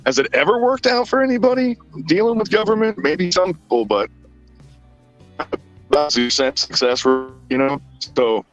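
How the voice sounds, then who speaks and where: A man's voice: a little high, animated, normal speed, soft background music. A man in casual chat on an online call, telling a story and acting out the other people in it. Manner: storytelling, quotes people in dialogue. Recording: muffled lo-fi call audio.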